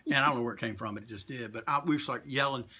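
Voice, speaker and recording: An older man from North Carolina telling animated wrestling stories in a casual livestream chat, acting out quotes with plenty of cursing. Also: medium pitch, rapid-fire, breathy edge. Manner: animated raconteur, acts out quotes with profanity. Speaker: guest, comic book shop owner and wrestling author.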